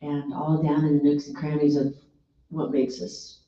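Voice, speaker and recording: Woman, guest, heartfelt, earnest, very mellow voice, far from mic, dull sound. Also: low voice, level tone, normal speed. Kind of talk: casual faith-based chat. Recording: echoey room, distant dull mic.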